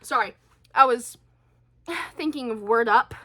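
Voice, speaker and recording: A woman vlogger in a casual, rambling monologue, animated and exasperated, full of fillers and tangents. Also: on the high side, unhurried. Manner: chatty, goes off on tangents, many fillers.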